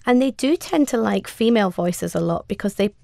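A woman who is a cat behaviour expert, calmly explaining training in an interview, step by step with examples. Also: mid-range voice, fairly quick, vocal fry, no echo.

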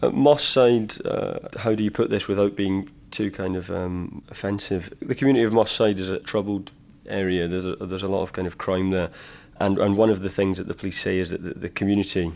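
A man's voice: low-pitched, steady tone, brisk, vocal fry, hardly any pauses, a little mellow, lo-fi sound. A man working as a crime correspondent, explaining plainly in a news interview.

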